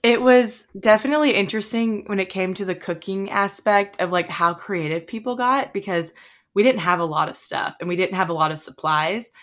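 A young woman hosting a casual podcast, recapping a trip in a relaxed, descriptive way. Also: medium pitch, a little fast. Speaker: podcast host.

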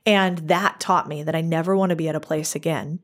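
A woman talking as a podcast guest, her voice sitting a little low for a woman. She tells her stories in a candid, chatty interview style and slips into quoted dialogue as she goes. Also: steady tone, brisk. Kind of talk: casual interview storytelling.

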